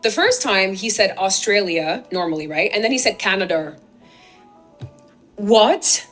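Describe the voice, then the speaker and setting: A woman explains a language point for a social media video, animated and chatty. She leans heavily on "like" as she talks. Her pitch sits in the middle of the range. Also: measured pace, faint music behind. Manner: animated, chatty, uses "like" a lot.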